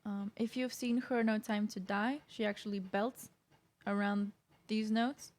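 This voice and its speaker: A woman's voice: medium pitch, fairly even intonation, measured pace, darkish tone. A woman vocal coach giving casual reaction commentary, explaining technique in a loose, conversational way with frequent restarts.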